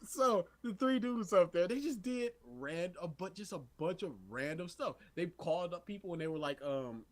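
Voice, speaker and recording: Young male co-host with a lively, high voice; tells anecdotes and plays out all the voices. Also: moderate pace, few pauses. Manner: animated storyteller, acts out quotes, laughs often. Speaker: podcast co-host. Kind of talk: casual chat.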